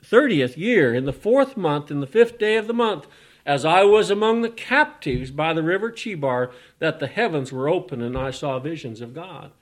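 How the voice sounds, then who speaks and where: A man preaching a sermon. He reads scripture aloud and drops to hushed, near-whispered lines between loud, emphatic rises. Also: fairly high pitch, lively intonation, moderate pace.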